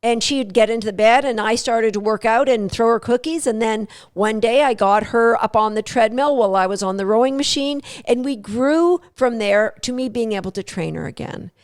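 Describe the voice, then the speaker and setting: On her dog training podcast, a middle-aged host shares a personal story in an earnest, emphatic manner, repeating words to drive points home. She speaks smoothly at a moderate pace in a fairly high voice, hardly pausing.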